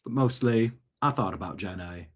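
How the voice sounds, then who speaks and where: A man doing an impression of a slow, simple-hearted southern man from a film, with a slow drawling cadence. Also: on the low side, pitched below the performer's own voice, natural voice. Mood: wistful.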